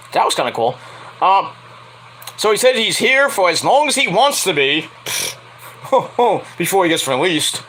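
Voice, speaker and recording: Young guy rambling about wrestling, kinda high voice, bouncy, laughs a lot, bit of noise behind. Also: animated, moderate pace, bright, forceful tone, low-quality recording. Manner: rambling, laughs often, bursts into high squealing impressions. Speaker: wrestling show reviewer. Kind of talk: casual solo review vlog.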